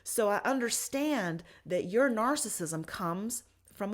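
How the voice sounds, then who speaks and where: A woman's voice: mid-range voice, animated. A woman hosting a podcast, telling a personal story in a candid, emotional way. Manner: candid and emotional, with pace swinging between rushed and slow. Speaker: podcast host.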